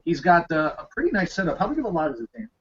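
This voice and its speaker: A man co-hosting a podcast, explaining in a relaxed way with frequent fillers. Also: a little high, racing, breathy edge. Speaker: podcast co-host. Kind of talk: casual podcast chat. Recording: dull lo-fi sound.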